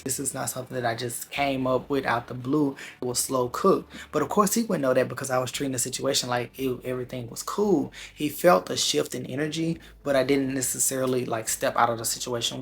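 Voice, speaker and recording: Gravelly-voiced man telling a story. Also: medium pitch. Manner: candid, slangy, animated storytelling. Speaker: vlogger. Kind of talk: casual storytime vlog.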